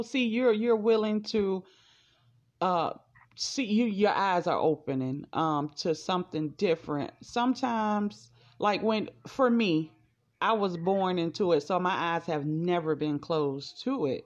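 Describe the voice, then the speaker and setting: A woman's voice: medium pitch, measured pace. A woman chatting casually on a podcast, speaking reflectively and often restarting her sentences. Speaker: podcast co-host. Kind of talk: casual chat. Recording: dull lo-fi podcast audio.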